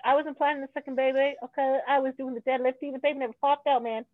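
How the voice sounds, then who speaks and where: A woman's voice: sits high, fast talker, few pauses, no room sound. Blunt, profane woman on a tinny line. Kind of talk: casual chat. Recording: tinny phone-like sound.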